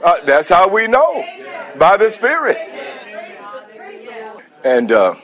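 Slow-preaching man before a congregation. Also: mid-range voice, low-quality recording. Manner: preaching with calls of praise and reading a hymn aloud. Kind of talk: sermon.

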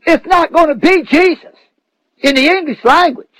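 A man preaching a sermon, emphatic, mocking the views he quotes and rising at times to shouts. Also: extremely high pitch, normal speed, no room sound, rough recording.

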